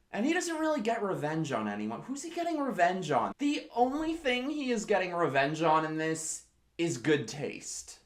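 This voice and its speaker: A tipsy woman hosting a drunk comedic movie recap, telling it in an animated way with lots of swearing and exclamations. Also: fairly low pitch, moderate pace. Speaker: host.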